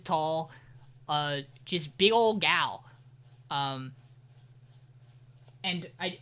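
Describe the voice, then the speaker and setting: A man chatting on a podcast, walking his co-hosts through an anime's latest episode. He talks in a loose, rambling way, drops casual profanity and slips in sarcastic asides. His voice sits bright and forward. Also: sits high. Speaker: podcast co-host. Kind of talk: casual anime recap chat.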